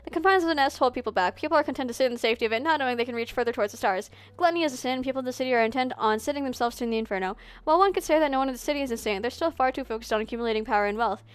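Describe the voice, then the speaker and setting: A woman's voice: sits high, very fast, few pauses, clean tone, dry recording, lightly acted. A woman reading the lines of an enigmatic, aloof young man who talks in a mysterious way. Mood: cryptic.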